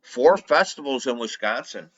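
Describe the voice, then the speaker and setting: A man chatting casually with a friend, often halting and restarting his sentences. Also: medium pitch, animated, muffled recording. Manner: halting, full of restarts and fillers. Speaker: guest. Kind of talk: casual chat.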